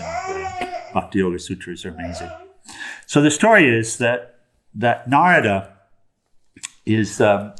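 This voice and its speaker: A man, a spiritual teacher, telling a story in a sermon in a relaxed way, with chuckles and many fillers. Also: lowish voice.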